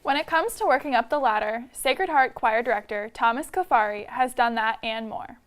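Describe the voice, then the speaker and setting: Young woman, anchor, higher voice, scripted news read. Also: moderate pace. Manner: even, read-aloud delivery.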